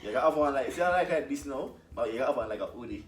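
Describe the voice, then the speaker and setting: A Jamaican man from Jamaica, a guest in a casual conversation, talking in a relaxed, halting way with many fillers. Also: mid-range voice, recorded from a distance. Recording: echoey room, voice off-mic, faint music.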